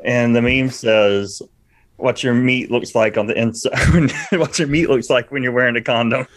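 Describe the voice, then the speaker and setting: A young adult man co-hosting a podcast, joking and laughing loudly in casual chat. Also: medium pitch, fairly even intonation, moderate pace. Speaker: podcast co-host.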